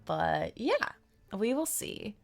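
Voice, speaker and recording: A woman's voice: mid-range voice, sing-song, slow pace, gravelly. A woman streaming a game and chatting casually, bubbly and gushing with frequent giggles. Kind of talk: casual live-stream chat.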